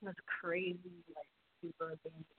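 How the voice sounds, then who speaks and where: A woman's voice: lowish voice, flat delivery, a little fast, slightly rough. A woman co-hosting a horror movie podcast, chiming in with short corrections in casual chat. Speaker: podcast co-host. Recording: tinny phone-like sound.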